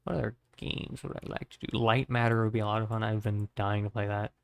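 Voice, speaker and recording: A man livestreaming from his desk, talking in a rambling, friendly way full of ums. His voice sits slightly low and sounds worn out and strained, recorded close and dry with no room sound. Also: little pitch movement, fairly quick, gravelly, dry recording. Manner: rambling, filler-heavy, friendly. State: strained, tired voice. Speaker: art livestreamer. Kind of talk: casual stream sign-off chat.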